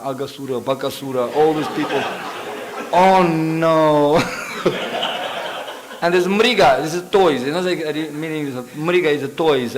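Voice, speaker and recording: This low-quality recording features a visiting preacher with a slightly high voice giving a sermon in a temple hall. He tells stories with energy, performs the characters and laughs often.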